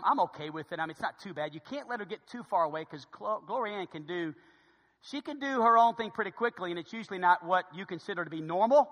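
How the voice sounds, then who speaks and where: A middle-aged male pastor tells a story from the pulpit in a high, bright voice, stumbling over repeated words in an easy conversational way. His voice rings out with a long reverb from a large church sanctuary, and it grows hushed when the story turns serious. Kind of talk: storytelling sermon.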